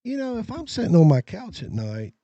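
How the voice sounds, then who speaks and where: Male podcast host with a warm low tone and a dry mic sound. He tells funny stories about himself with lots of energy. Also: brisk, no room sound, dull audio. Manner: animated, self-deprecating storyteller. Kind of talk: casual storytelling chat.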